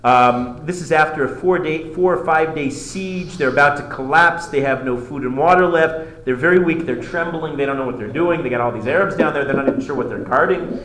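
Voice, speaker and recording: A male history teacher lecturing a class, telling the story in an animated way with many restarts. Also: fairly high pitch, fairly quick. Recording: echoey classroom with faint noise.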